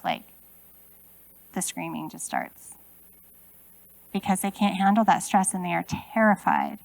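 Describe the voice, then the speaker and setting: Woman in her forties, keynote speaker, chatty, rhetorical questions, gravelly fry, dry close sound. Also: on the low side, no room sound, low-quality recording. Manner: conversational, asks the audience many rhetorical questions. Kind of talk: conference keynote talk. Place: conference room.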